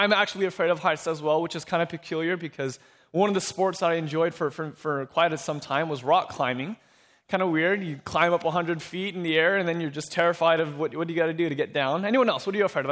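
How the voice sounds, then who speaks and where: A man's voice: on the high side, fairly bright tone. A young man preaching a sermon, telling stories and asking the congregation questions in a conversational way. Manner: conversational storytelling, asks the crowd questions. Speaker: pastor.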